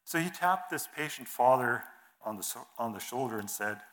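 A man giving a sermon in an earnest, measured way, reading scripture and telling an illustration, his phrases trailing off softly. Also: mid-range voice, lively intonation. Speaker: preacher.

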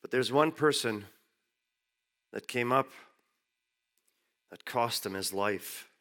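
A man giving a sermon who reads Bible verses aloud and then explains them in plain, everyday words, rising sharply in pitch to stress key points. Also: slow pace, a bit bright. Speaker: preacher. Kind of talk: sermon reading and explaining scripture.

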